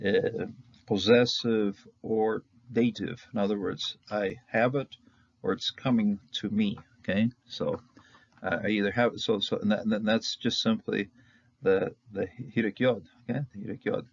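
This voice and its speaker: Chuckling man with a gravelly low voice. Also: fairly even intonation, unhurried, no room sound, lo-fi sound. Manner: chatty, with chuckles and frequent "uh" and "okay?". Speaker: Hebrew grammar teacher. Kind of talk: informal lecture.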